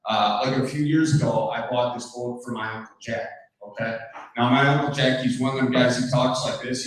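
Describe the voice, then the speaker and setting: A man addresses a community meeting in a casual, joking way, wandering into anecdotes. His voice sits at an ordinary middle pitch. It rings through a very echoey hall and sounds well away from the microphone. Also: steady tone, normal speed. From Wisconsin. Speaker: public speaker at a community meeting. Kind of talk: casual public talk with jokes. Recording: very echoey hall, voice far from mic.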